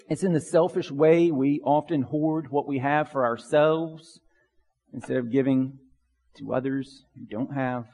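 Earnest preaching man, higher voice. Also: a little mellow, big-room sound. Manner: earnest preaching, repeats phrases for emphasis. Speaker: pastor. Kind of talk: sermon.

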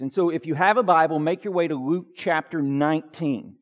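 A man's voice: on the high side, moderate pace, few pauses, in a large hall. A man preaching a sermon to his congregation, conversational and joking, building to emphatic peaks. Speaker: pastor. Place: church sanctuary.

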